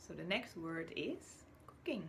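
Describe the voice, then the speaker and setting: A woman teacher from Chile giving a slow, patient recorded spelling lesson to young children, now and then whispering or acting out a word. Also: on the low side, big pitch swings, vocal fry, background noise. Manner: patient, drawn-out words, whispers or acts out words as examples.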